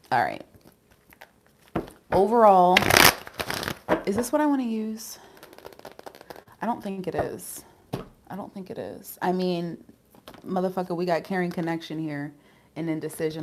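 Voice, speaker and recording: Tarot reader, female, lowish voice, candid and giggly, swears casually; faint hiss. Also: animated, normal speed, pauses often. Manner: emotional and giggly. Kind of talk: casual live tarot reading.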